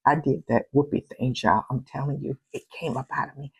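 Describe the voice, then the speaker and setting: A woman's voice: rumbling low, brisk, vocal fry, a little mellow, breathy edge, no echo, poor audio. An older woman hosting a vlog, telling a personal story in an emphatic, repetitive, heartfelt way. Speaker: vlog host.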